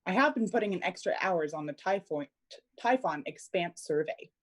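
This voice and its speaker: A woman takes on a steady, practical male ship's engineer in an amateur audio drama reading. The voice sits low for her and stays matter-of-fact. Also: normal speed.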